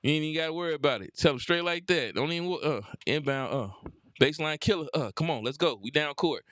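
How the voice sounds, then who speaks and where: Young man, bouncy animated voice, dry close sound; cocky gameplay chatter. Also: a little high, fast, no room sound. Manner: hyped, laughing trash talk. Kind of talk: casual gameplay commentary.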